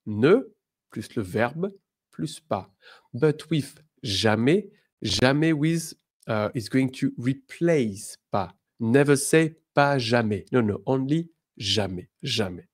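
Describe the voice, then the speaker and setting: Upbeat French male teacher with a lively, unhurried delivery and slow, careful example sentences. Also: medium pitch, slightly rough. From France. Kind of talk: online language lesson.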